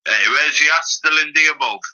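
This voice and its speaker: A man chats casually on a livestream, swearing and reading out viewers' messages. His voice sounds sharp and bright, and the line is muffled and lo-fi. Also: fairly high pitch, normal speed. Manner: chatty, sweary, reads out the chat. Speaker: livestream guest.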